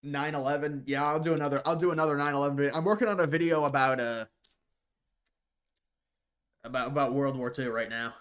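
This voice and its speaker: A man's voice: a little high, fast, long pauses, fairly bright tone. A man hosting a live stream, answering viewer questions in casual chat, rambling and repeating words as he starts sentences, with scornful mocking asides. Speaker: livestream host reading viewer questions.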